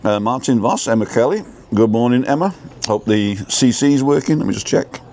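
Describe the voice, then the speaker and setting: A man's voice: medium pitch, lively intonation, moderate pace, darkish tone, slight background noise. A man co-hosting a casual live stream, greeting viewers by name in a chatty, playful way. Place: outdoors in Tenerife.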